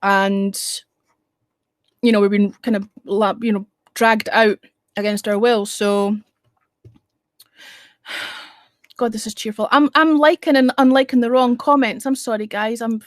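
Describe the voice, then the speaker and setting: A woman's voice: mid-range voice, steady tone, normal speed, pauses often, no echo, clean studio sound. A Scottish woman hosting a livestream, talking frankly and casually, swearing now and then. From Scotland. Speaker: livestream host. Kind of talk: casual chat. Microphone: streaming mic, close.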